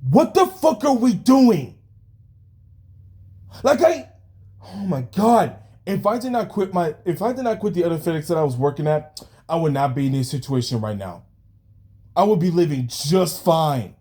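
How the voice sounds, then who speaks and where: Furious young man ranting and yelling. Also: a little high, sing-song, moderate pace. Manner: yelling and swearing, venting frustration. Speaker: vlogger. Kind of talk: angry rant vlog.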